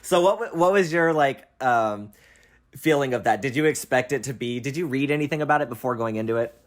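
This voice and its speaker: Laughing, animated young male host. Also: mid-range voice, brisk. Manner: animated and laughing, swears, acts out quotes. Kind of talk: casual film chat.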